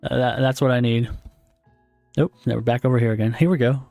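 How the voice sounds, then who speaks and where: A man's voice: mid-range voice, fairly even intonation, fairly quick, vocal fry, mellow, no echo, faint music behind. Chatty man streaming a game at his desk. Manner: chatty, self-deprecating, laughs often. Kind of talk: casual game commentary and reading aloud.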